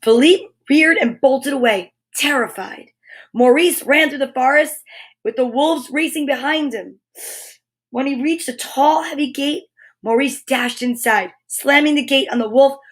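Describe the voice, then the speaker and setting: A woman reads a children's storybook aloud in a slightly high voice, taking her time over every phrase. She is animated and breaks off with gasps and little asides to the children listening. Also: unhurried. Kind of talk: reading a picture book aloud to children.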